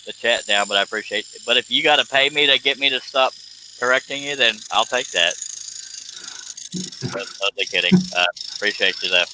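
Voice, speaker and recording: A man's voice: mid-range voice, brisk, background noise. A man hosting a casual live stream, teasing his co-host and chuckling as he talks. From United States. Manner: joking, teasing, chuckles often.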